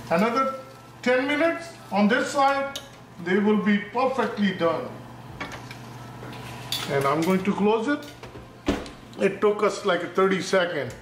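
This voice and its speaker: A man's voice: high voice, a bit bright. A man hosting a cooking video, walking through each step and repeatedly warning viewers to be careful in a home kitchen. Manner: instructive, repeats cautions, narrates each step with times. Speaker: cooking channel host. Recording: echoey room with faint noise.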